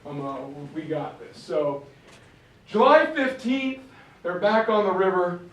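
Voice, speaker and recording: Animated man lecturing in a roomy hall. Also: high-pitched, distant mic. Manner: acts out characters in quick voices, casual slang. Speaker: speaker giving a history talk.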